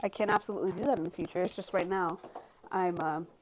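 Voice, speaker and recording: A woman's voice: fairly low pitch, fast talker, slight background noise. A woman in her twenties talking casually and frankly to her camera at home, rambling with many fillers. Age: 20s. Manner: rambling, heavy use of filler words, frank and expressive. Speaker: vlogger.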